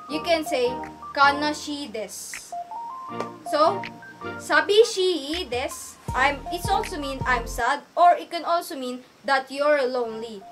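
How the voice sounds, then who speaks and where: A woman teaching a casual online lesson, slowly repeating each phrase and often restarting her sentences. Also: high voice. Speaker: language teacher. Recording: music playing underneath.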